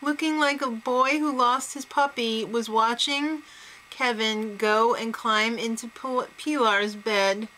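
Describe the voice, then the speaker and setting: A woman's voice: fairly high pitch, fairly even intonation, slow pace, bright, forceful tone, poor audio. A woman co-hosting a casual TV recap, chatty and gossipy, laughing often. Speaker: co-host of a TV recap show.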